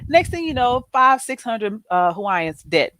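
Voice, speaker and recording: Speaking at a measured pace in a slightly high voice, a woman hosting a show relates a story conversationally. She animatedly voices the quoted people in it, and the recording has no room sound.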